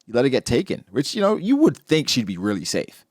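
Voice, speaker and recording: A man's voice: brisk, dry recording, studio quality. A man co-hosting a casual chat that breaks down a comic chapter, acting out characters' lines. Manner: animated, acts out characters' lines with big pitch jumps. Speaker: podcast co-host.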